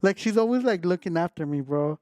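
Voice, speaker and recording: Man, young adult, mellow slightly high voice, rambling casual storytelling, dry sound. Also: lively intonation, brisk, no echo. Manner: rambling, acts out his own quotes. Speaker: podcast co-host.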